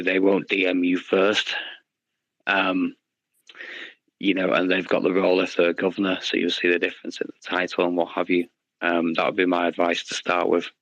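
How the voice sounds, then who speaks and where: Low flat-voiced man in casual chat. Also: no echo, muffled recording. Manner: friendly, advising, calls listener "bud". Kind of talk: casual audio chat room talk.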